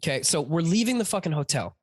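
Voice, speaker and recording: A man's voice: on the high side, sing-song, fast. A man co-hosting a comedy podcast, telling a story as a heated rant, swearing heavily and calling his listener bro. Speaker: podcast co-host. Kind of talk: casual comedic chat.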